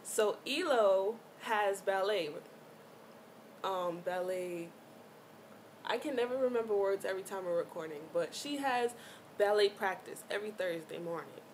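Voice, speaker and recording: A woman vlogger telling a personal story in a chatty, animated way, full of slang and fillers. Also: mid-range voice, a little slow, a little hiss or hum. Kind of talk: casual storytime chat.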